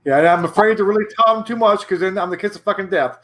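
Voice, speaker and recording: Guy co-hosting sports talk, high voice, keeps restarting what he says. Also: quick pace, a bit bright. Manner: rambling, restarts often. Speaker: podcast co-host.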